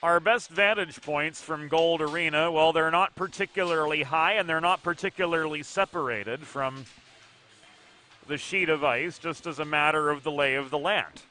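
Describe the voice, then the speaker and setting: A man calling youth hockey play-by-play from an arena, brisk and precise with dry asides. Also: fairly high pitch, sharp tone. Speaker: play-by-play commentator. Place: ice arena broadcast position.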